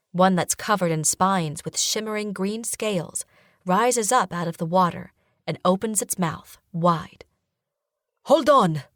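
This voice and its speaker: A woman's voice: fairly low pitch, fairly bright tone, no room sound. Woman narrating fantasy audiobook, dry sound. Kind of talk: scripted first-person fantasy narration.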